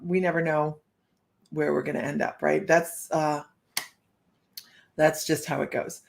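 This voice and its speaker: Sitting low in pitch, her gravelly voice comes out flat and a little slow as she reads for a live-stream audience. This psychic chats with viewers, greets them by name, and thinks aloud in loose, meandering sentences.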